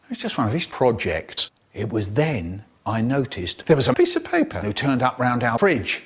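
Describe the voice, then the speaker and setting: A man telling a comic story in an animated, mock-dramatic way. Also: medium pitch, normal speed, husky. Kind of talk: comic storytelling, spliced into a remix.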